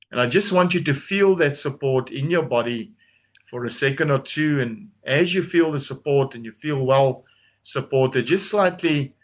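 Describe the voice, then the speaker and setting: A man leading a guided grounding exercise on a video call, giving slow, calm, soothing instructions with long pauses. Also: mid-range voice. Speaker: trauma coach leading a webinar.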